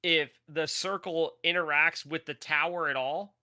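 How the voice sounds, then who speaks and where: Man, podcast co-host, very bright tone, dry close mic, trails off. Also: fairly high pitch, fairly even intonation, unhurried, no room sound. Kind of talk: casual gaming chat.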